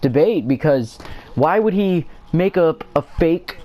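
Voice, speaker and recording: A man improvising as a mock political analyst, thinking aloud in a halting way with many ums and uhs. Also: fairly high pitch, animated, dull audio. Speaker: mock political analyst in game role-play. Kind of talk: improvised comedic role-play chat.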